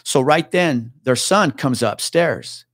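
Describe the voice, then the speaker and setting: A mid-pitched man tells a police war story on a podcast in loose, casual talk. He swears freely and drops into the voices of the people he met. The sound is dry and close, with no room around it. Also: expressive, slow pace, a bit bright, no room sound. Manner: swears freely, acts out others' words. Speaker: podcast guest, retired police officer.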